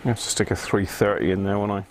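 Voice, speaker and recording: A man's voice: fairly low pitch, little pitch movement, quick pace, a little hiss or hum. A man hosting a live stream, chatting casually to viewers by name and muttering to himself as he works. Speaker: live-stream host repairing electronics. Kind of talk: casual live-stream chat while working.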